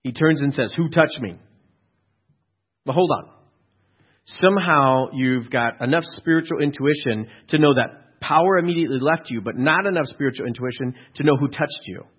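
Husky male pastor preaching conversationally. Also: mid-range voice, a little fast. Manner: conversational storytelling with rhetorical questions. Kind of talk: sermon. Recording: dull lo-fi recording.

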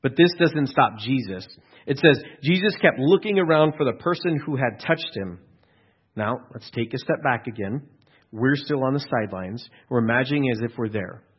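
Husky male pastor preaching conversationally. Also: medium pitch, animated, moderate pace. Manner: conversational storytelling with rhetorical questions. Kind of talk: sermon. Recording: dull lo-fi recording.

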